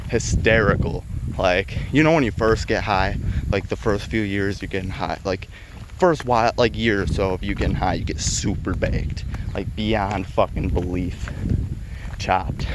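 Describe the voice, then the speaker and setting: A man's voice: sits low, a little slow, noisy background. A young man casually telling a story, swearing heavily and laughing between lines.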